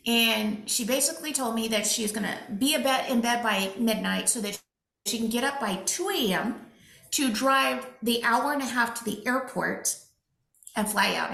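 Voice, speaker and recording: Woman, middle-aged, animated storyteller, gravelly fry, fairly high voice, echoey room. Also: a little slow. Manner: animated, tells stories with quoted dialogue. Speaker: physician and speaker, guest. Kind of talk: conversational interview storytelling.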